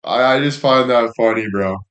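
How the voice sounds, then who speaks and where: A man's voice: mid-range voice, moderate pace, fairly bright tone. Rambling, foul-mouthed man telling stories on stream. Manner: rambling, storytelling, frequent swearing. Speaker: livestream host. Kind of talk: casual chat with stream viewers.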